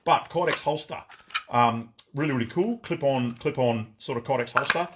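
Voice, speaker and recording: A man hosting a live product showcase from a gun shop, excitable and rambling, swearing freely as he talks. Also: medium pitch, normal speed, noisy background. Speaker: gun shop owner and livestream host.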